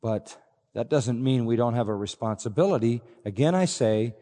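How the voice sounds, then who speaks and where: A man's voice: medium pitch, expressive, normal speed, warm tone. A man preaching a sermon, earnest and emphatic, repeating key phrases for weight. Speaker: pastor. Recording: long hall reverb.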